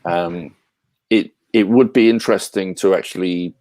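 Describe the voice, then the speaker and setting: A man co-hosting a casual podcast chat, talking in a halting way with many restarts. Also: low voice, fairly even intonation, a little mellow. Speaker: podcast co-host.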